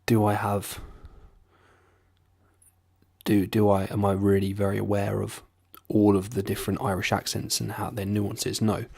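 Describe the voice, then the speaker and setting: A man's voice: fairly low pitch, monotone, unhurried, creaky, a little mellow, breathy edge. A man hosting his own video, talking casually in a sweary, self-deprecating way. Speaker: video host. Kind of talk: casual vlog talk.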